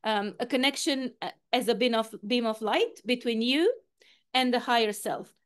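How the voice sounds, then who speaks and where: A woman coach leading a guided meditation over a video call, with calm, repetitive, step-by-step instructions. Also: a little high, moderate pace. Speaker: quantum coach and healer, guest speaker. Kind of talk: guided meditation in an online talk.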